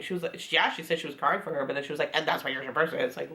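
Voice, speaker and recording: A woman with a somewhat low voice talks through a reality TV recap in a casual, chatty way. She is sassy and keeps dropping quoted asides into her commentary. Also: steady tone, fairly quick, bright, forceful tone. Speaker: recap vlogger.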